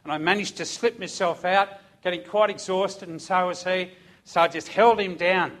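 A high-pitched male preacher recounting a story from his police days. He tells it vividly, his voice swelling loud and then dropping soft as the emotion runs through it. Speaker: preacher, former police officer. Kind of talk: emotional sermon testimony.

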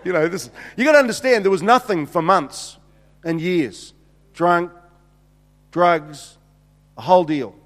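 A middle-aged male preacher with a fairly high voice tells a story to his congregation, acting out each line of dialogue. His words ring with a long hall reverb. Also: measured pace, long pauses. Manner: animated, acts out the dialogue, repeats himself. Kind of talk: sermon storytelling.

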